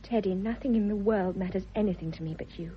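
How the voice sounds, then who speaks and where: An actress playing a spirited, affectionate young wife with a husky voice, in a vintage radio drama. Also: female voice, medium pitch, fast, a little hiss or hum, lightly acted. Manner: playful, teasing. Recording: dull lo-fi old radio recording.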